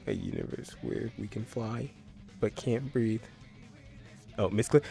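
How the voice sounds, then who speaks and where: A man's voice: fairly low pitch, unhurried, gravelly, long pauses, mellow, slightly rough, faint music behind. A young man streaming in a social VR game, joking crudely and laughing often in casual chat. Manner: giggly, joking, crude banter.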